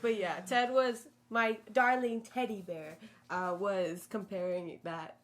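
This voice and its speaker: A woman's voice: medium pitch, slow, slight background noise. A woman co-hosting a casual podcast, giggly and trailing off as she chats about a show. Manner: lively, giggly, trails off mid-sentence. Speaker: podcast co-host. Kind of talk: casual chat reviewing a show.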